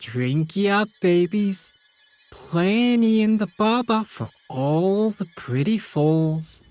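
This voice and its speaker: A woman's voice: medium pitch, lively intonation, slow pace, darkish tone, soft background music. A woman voicing a cruel, sadistic man who croons in a sing-song voice.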